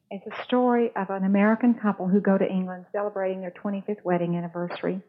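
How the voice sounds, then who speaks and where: A woman preaches earnestly and leads into a story. Her voice sits at a middle pitch. The sound is narrow and phone-like. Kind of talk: sermon.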